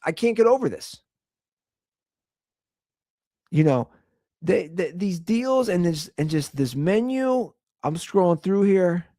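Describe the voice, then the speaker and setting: A man's voice: high voice, darkish tone, no echo, clean studio sound. A man hosting his own talk show, ranting in a casual way and firing off rhetorical questions. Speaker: podcast host.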